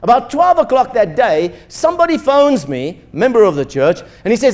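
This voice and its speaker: Animated high-voiced pastor. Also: male voice, moderate pace, hardly any pauses. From South Africa. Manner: animated storyteller acting out dialogue. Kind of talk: sermon storytelling.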